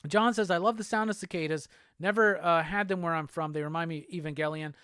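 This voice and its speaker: A man's voice: a little high, fairly even intonation, fast, a bit bright, clear, resonant tone, no room sound, clean studio sound. A man hosting a live stream, chatting casually, cursing freely and laughing often. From Southern United States. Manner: profane, laid-back, laughs often. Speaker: livestream host. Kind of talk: casual chat reading viewer comments.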